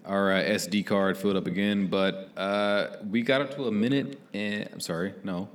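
Low-voiced laid-back podcast man. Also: moderate pace. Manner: laid-back, swears, laughs often. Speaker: podcast co-host. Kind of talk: casual chat.

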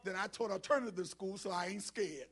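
A brisk male bishop with a gravelly, high voice preaches as a guest speaker in a church sanctuary full of congregants. His black church sermon uses call and response, and he swings between low muttered asides and shouted preaching.

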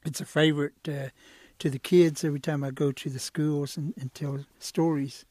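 A man telling a traditional animal story the way he tells it to schoolchildren, relaxed and animated. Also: fairly high pitch, moderate pace, dry recording. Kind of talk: oral folk storytelling.

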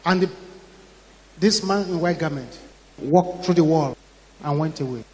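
A man with a Ghanaian English accent preaching a sermon, telling a story dramatically, acting out the voices in it and rising to shouts. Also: on the high side, measured pace, a little hiss or hum. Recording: long hall reverb.

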